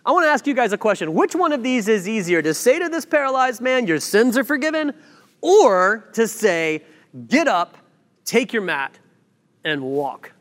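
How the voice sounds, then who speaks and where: A man preaching a sermon, telling a story with lively acted-out quotes and asides. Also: very high voice, normal speed. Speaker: pastor. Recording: long hall reverb.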